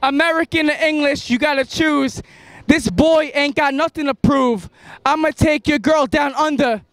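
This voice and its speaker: A very high-voiced man spits a cocky freestyle rap on a street corner at night. He rhymes in quick bursts and breaks into laughter between bars, recorded on a handheld camera out in the open street. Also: fairly bright tone, no echo. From New York. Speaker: rapper.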